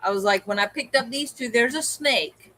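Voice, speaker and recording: A woman co-hosting a livestream, telling an animated story in casual chat and acting out the voices of the people in it. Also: on the high side, moderate pace, rough recording. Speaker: co-host.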